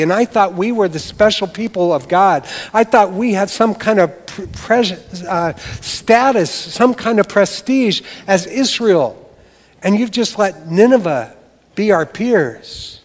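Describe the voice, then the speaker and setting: A preacher putting on an indignant prophet, aggrieved and insistent. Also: male voice, medium pitch, takes it slowly, long pauses, a little mellow, voice pushed down. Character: indignant male prophet protesting. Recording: long hall reverb.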